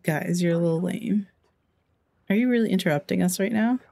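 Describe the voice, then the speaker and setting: Female let's play host, casual gameplay commentary, gravelly low voice with a mellow, dark tone; chatty and exclamatory, voices the characters' lines herself. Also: a little fast. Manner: chatty, exclamatory, laughs at the game; acts out characters' lines in her own voice.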